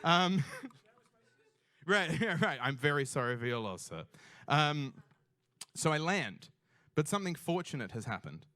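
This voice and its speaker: A young Australian man telling a funny personal story on stage, animated and self-mocking, swearing freely. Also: on the high side, a little slow, pauses often, no echo, clean studio sound. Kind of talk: live storytelling.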